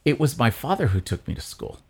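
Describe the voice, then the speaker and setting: Gravelly, animated priest telling stories. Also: male voice, a little fast. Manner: animated storyteller, jumps high for quoted voices. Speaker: priest co-hosting a church podcast. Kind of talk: casual storytelling chat.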